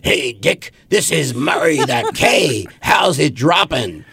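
A man's voice: fairly high pitch, very animated, slow, a bit bright, breathy edge, no echo, pitched above the performer's own voice, exaggerated voice. A man imitating a brash male radio DJ calling on the phone, breezy and full of slang. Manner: hip slang, breezy and showy.

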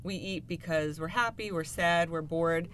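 Woman guest expert, steady and even advice, slight background hiss. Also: on the low side. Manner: calm, measured, lots of you-know fillers. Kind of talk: casual advice chat.

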